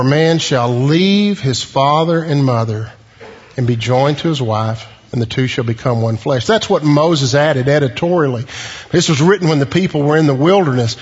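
A male pastor preaching a sermon in an animated, storytelling way with joking asides. His voice is fairly high and husky. It rings through a hall with a long reverb, on a dull, lo-fi recording.

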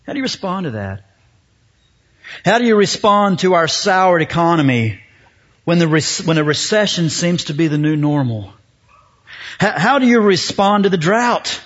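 A man preaching a sermon, telling a story slowly with dramatic pauses before turning to scripture. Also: high-pitched, animated, a bit bright. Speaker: pastor. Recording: dull lo-fi recording.

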